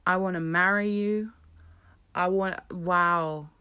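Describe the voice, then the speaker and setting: A woman's voice: on the low side, fairly even intonation, takes it slowly, pushed and bright, clear, resonant tone. A woman musician talking casually to camera, rambling and self-mocking, often dropping to a whisper. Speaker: musician and creator. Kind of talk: casual personal vlog talk.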